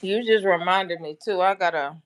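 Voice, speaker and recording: A woman in a casual livestream chat, making quick comments and talking to people off camera. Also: on the low side. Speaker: livestream co-host.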